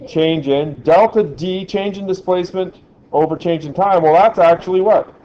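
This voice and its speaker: A man's voice: high voice, normal speed, lo-fi sound. A man teaching a physics lesson in a classroom, quizzing the class as he goes. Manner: chatty, asks the class questions. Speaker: science teacher.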